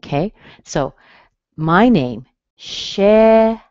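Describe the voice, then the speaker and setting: An American woman teaching pronunciation over a webinar, her voice sitting a little low and moving at an unhurried pace. She is patient and clear, spelling out each sound. The audio is dry and somewhat dull, like a computer mic. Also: dark tone, dry recording. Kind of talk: webinar lesson.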